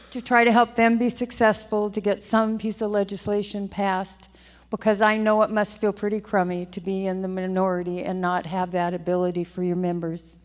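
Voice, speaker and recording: An older woman, a state legislator, giving a heartfelt, emotional farewell speech on the chamber floor, often repeating her phrases. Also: mid-range voice. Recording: long hall reverb.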